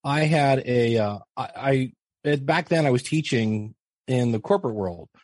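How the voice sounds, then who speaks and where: Husky chatty man telling old stories. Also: medium pitch, measured pace, dry recording. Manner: chatty, self-mocking, animated quoting. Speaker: podcast guest and teacher. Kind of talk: casual storytelling interview.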